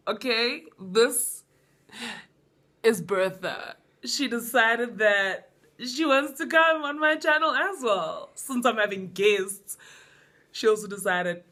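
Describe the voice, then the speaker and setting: A woman's voice: fairly high pitch, expressive, a little slow, bright, forceful tone. A young South African woman hosting a casual vlog chat, bubbly and laughing often, jumping in over her guests. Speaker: vlog host.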